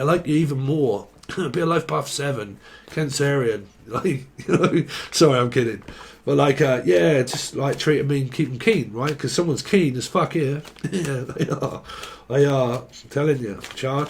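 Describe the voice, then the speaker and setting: Young man, tarot reader; loose, profane, joking delivery at a mid-range pitch. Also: normal speed, gravelly, slight background noise. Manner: joking, rambling and swearing freely. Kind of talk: casual tarot reading.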